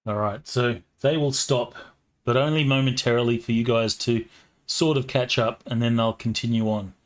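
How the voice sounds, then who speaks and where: A man narrating a tabletop game as game master, in a relaxed way with many fillers. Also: medium pitch, normal speed.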